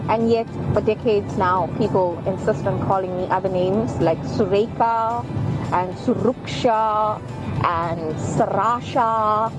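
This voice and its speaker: A woman leaves a wry, exasperated voice note for a radio show. Her pitch is middling, and music plays clearly behind her. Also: slow, poor audio. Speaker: listener sending a voice note.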